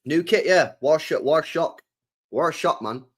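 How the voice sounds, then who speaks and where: Young man, streamer host, slangy and loose, slightly high voice, jumps between shouting and mumbling. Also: lively intonation, measured pace. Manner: loose and chatty, slang-heavy, swings from loud bursts to mumbling. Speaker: football channel host. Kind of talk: casual live-stream chat.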